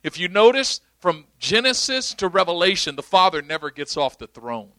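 Bright-voiced emphatic male preacher. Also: high voice, very animated, normal speed, no echo. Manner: emphatic, explanatory, checks understanding. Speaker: pastor. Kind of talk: sermon teaching.

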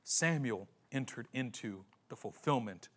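A man preaching a sermon, retelling a story with slangy acted-out voices and dramatic pauses. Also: mid-range voice, animated, fairly bright tone, husky. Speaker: pastor.

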